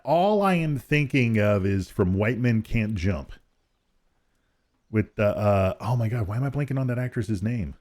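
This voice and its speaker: A man's voice: on the low side, animated, measured pace, darkish tone. A man streaming a farming game, chatting casually with viewers, rambling, laughing often and restarting his sentences. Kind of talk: casual live-stream chat while gaming.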